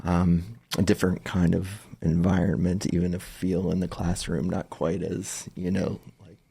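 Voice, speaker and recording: Man, podcast co-host, low pitch, husky, rambling casual talk. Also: little pitch movement, moderate pace, mellow, no room sound. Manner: rambling, hesitant with many fillers, laughs easily. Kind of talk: casual conversation.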